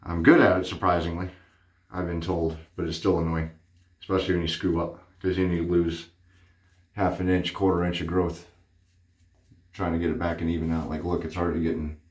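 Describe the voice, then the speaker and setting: A man's voice: low voice, flat delivery, brisk, pauses often, echoey room. A man chatting casually through a shaving vlog, rambling with plenty of fillers and a little out of breath. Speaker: wet shaving vlogger.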